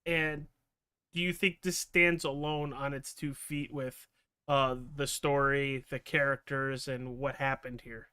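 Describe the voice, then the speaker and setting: A man's voice: medium pitch, level tone, measured pace, sharp tone, clean tone, no room sound, clean studio sound. A man hosting a casual podcast, joking around, with loose fillers and the odd swear. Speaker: podcast host. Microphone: podcast mic over video call.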